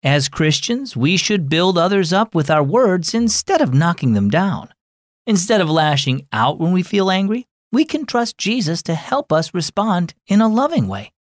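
A man voicing a calm, gently firm mother in a children's audio story, using a raised, soft motherly tone. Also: high voice, normal speed, no echo, clean studio sound, voice pushed up. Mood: gentle.

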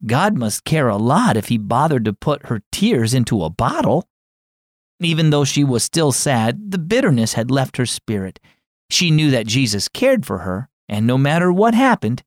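A man hosting a children's devotional program, narrating a story in a gentle, scripted storytelling manner. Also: mid-range voice, no echo, studio quality. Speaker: host and storyteller.

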